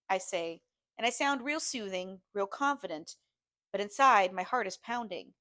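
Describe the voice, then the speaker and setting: A woman teacher reading a novel aloud to her class, steady and expressive. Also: mid-range voice, moderate pace, no echo, clean studio sound.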